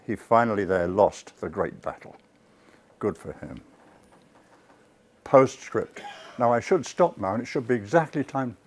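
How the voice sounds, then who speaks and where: A man giving a public history lecture to a live audience. He tells the story with lively asides to the listeners and corrects himself mid-word. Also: fairly low pitch, unhurried, pauses often. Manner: self-corrects and restarts words.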